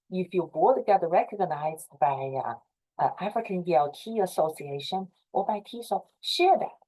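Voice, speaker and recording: A woman's voice: medium pitch, warm tone, low-quality recording. A middle-aged woman with a Chinese accent, earnestly giving advice to fellow association leaders on a video call. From China. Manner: earnest, repetitive, encouraging. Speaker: presenter advising association leaders. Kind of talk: informal talk to a professional group.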